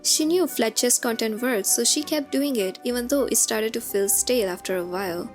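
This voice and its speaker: A woman's voice: on the high side, normal speed. A woman narrating a scripted commentary voice-over in a conversational, explanatory way. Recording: music bed underneath.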